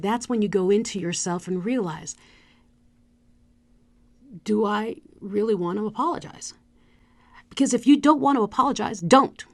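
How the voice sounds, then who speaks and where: A middle-aged woman, a speaker coach, giving an animated motivational talk with demonstrative asides. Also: mid-range voice.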